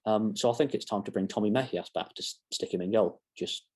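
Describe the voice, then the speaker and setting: Brief: deep, husky young male fan vlogger, chatty and self-deprecating, meanders off topic. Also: brisk, darkish tone. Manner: rambling, self-mocking asides. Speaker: fan channel presenter. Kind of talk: casual football match reaction.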